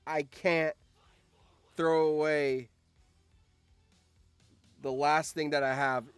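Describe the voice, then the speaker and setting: A man's voice: a little high, level tone, very slow, clean tone, dry recording, faint music behind. A man voicing a torn goblin soldier. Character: male goblin soldier torn over his king.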